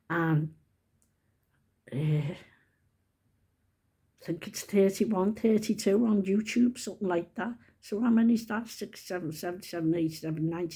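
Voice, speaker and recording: An older woman in her seventies talks straight to her viewers in a loose, rambling vlog chat. Her voice is mellow and husky, and she keeps turning to fondly address her followers. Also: mid-range voice. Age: 70s. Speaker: vlogger. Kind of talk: casual chat to camera.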